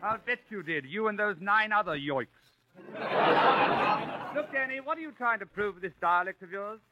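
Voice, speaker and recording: A man trading dry, mock-exasperated comedy banter as a guest, on an old radio broadcast with loud hiss. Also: sits high, expressive, normal speed, highs cut off, a loud crowd.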